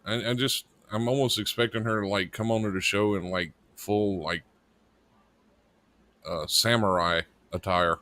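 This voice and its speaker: Producer and co-host of a live internet radio stream, this man speaks in a fairly low, steady voice at a measured pace, with a bright, forceful tone. He rambles and jokes, swearing casually.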